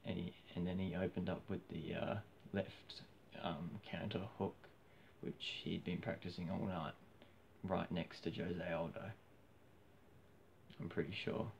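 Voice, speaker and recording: A hoarse man with an Australian accent, his very low voice full of gravelly fry. He rambles through a casual monologue, restarting his sentences and filling pauses. The recording is dull and lo-fi, with a faint hiss in the background. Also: little pitch movement. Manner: rambling, frequent restarts and fillers. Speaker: vlogger.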